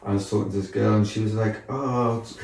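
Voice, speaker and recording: A young man from the Isle of Man, a podcast guest, telling stories in casual, sweary, animated chat. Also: on the low side, racing, vocal fry. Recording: echoey room, distant mic.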